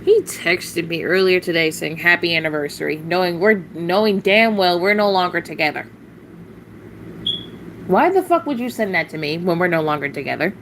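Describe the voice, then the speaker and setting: A woman with a lowish voice vents on a casual livestream, blunt, exasperated and full of curses. She rambles with sighs and short laughs, and faint noise hums behind her. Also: expressive, moderate pace, fairly bright tone, low-quality recording.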